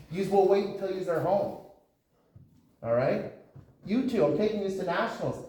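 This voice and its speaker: A Canadian boxing coach with a high but darkish-toned voice gives his fighters a blunt talk about speaking up. The lecture is captured from far off in an echoey gym, with a bit of hiss or hum.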